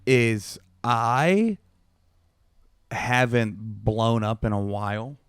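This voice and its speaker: A man's voice: mid-range voice, extremely slow, clean tone, dry recording, clean studio sound. A man in his thirties co-hosting a comedy podcast, telling rambling, self-mocking stories full of filler words. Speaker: podcast co-host. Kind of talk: casual comedic chat.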